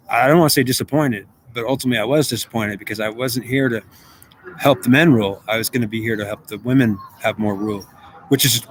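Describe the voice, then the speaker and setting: A man giving a personal spiritual talk, speaking haltingly with many restarts and quoting God in conversation. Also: medium pitch, a bit bright, a little hiss or hum. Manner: halting, repeats words, quotes God in conversation.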